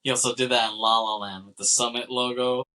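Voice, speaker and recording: A man co-hosting a film podcast, rambling loosely through a movie's opening scenes with a laugh never far off. His voice is very bright and sits in an ordinary middle pitch. He keeps slipping into quick quoted lines as he tells it. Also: fairly even intonation. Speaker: podcast co-host. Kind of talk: casual film discussion.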